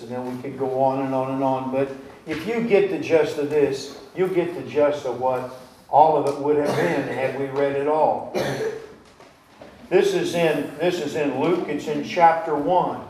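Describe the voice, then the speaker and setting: A man's voice: medium pitch, steady tone, a little slow, dark tone, far from the mic, a little hiss or hum. A male pastor delivering a sermon to his congregation, asking them questions and retelling scripture in plain, folksy words. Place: church sanctuary. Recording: echoey church recording from afar.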